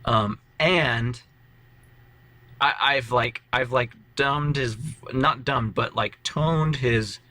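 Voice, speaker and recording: A man's voice: mid-range voice, takes it slowly, sharp tone, dry recording. A man co-hosting a casual podcast about tabletop role-play, rambling animatedly with lots of fillers. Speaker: podcast co-host, tabletop player.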